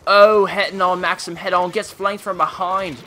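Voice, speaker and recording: Man doing a cheery fake-British game commentator, high and loud, bright tone. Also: fairly even intonation, moderate pace, a little hiss or hum. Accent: put-on British. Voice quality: over-the-top, cheery. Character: jolly mock-British male sports commentator.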